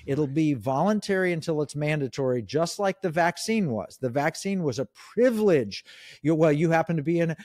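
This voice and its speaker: An emphatic middle-aged man gives opinions as an interview guest, his voice sitting a little high for a man. He restarts often and leans hard on key words. The sound is dry and close, with no room around it. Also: expressive, a little fast, darkish tone, dry recording. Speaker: guest, economic commentator. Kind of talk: interview conversation.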